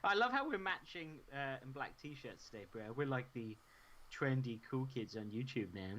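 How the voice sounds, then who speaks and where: A man's voice: medium pitch, expressive, moderate pace, fairly bright tone, dull audio. A man co-hosting a live stream, reading chat questions and laughing often in an upbeat, casual way. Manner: giggly, upbeat.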